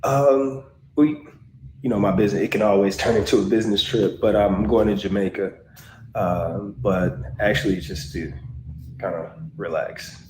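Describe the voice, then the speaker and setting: Man playing a cagey divorce client, very deep voice, stalls and hedges, roomy echo. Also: fairly even intonation, normal speed, a little mellow, slight background noise, lightly acted. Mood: hesitant. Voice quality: hesitant, full of ums and uhs. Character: evasive man meeting his divorce lawyer. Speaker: divorce client in a web skit.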